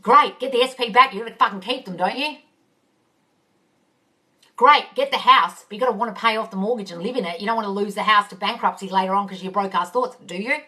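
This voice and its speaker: A woman's voice: mid-range voice, quick pace, sharp tone, recorded from a distance. A woman coaching on a phone live stream, reading viewer questions aloud and answering them bluntly and casually, calling everyone darling and swearing freely. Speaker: manifesting coach.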